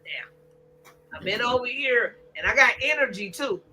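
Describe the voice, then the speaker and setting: Older woman, live-stream host, brassy bright tone, high-ish voice, loud and cussing. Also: expressive, measured pace, slight background noise, low-quality recording. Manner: loud, profane, laughing, trash-talking. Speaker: livestream host. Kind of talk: casual live-stream chat.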